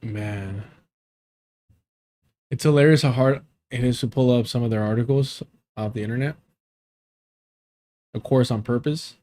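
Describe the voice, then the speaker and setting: A man's voice: mid-range voice, a little slow, pauses often, mellow. A man hosting a livestream in casual chat, rambling and chuckling often as he talks. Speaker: livestream host.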